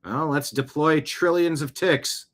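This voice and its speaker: A man's voice: a little high, measured pace, fairly bright tone. A man hosting his own show, giving opinionated news commentary full of indignant rhetorical questions. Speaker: show host.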